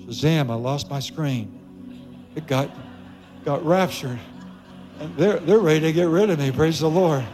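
A pastor delivers a lively sermon in a fairly high voice. He preaches with emphasis, doubling back on his key lines and teasing his listeners. Soft music sits faintly under him. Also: measured pace, long pauses. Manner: emphatic, repeats key phrases, jokes with the congregation. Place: church sanctuary with congregation.

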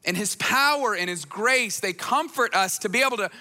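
High, bright-voiced preaching man. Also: animated, normal speed, big-room sound. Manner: earnest, repeats phrases for emphasis, storytelling asides. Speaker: pastor. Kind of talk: conversational sermon.

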